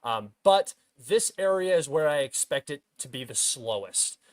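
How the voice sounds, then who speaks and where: A man's voice: a little high, expressive, measured pace, dry recording. A young man hosting a livestream, casually talking through a war map with many uh and um fillers. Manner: filler-heavy, many uh and um restarts; bursts into loud frustrated shouting at himself. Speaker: host of a military map analysis stream.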